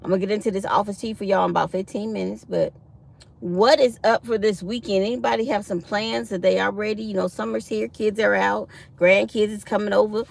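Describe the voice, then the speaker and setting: A woman's voice: medium pitch, steady tone, brisk, gravelly. A middle-aged woman hosting a casual livestream, chatty and laughing, calling her viewers y'all. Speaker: livestream host.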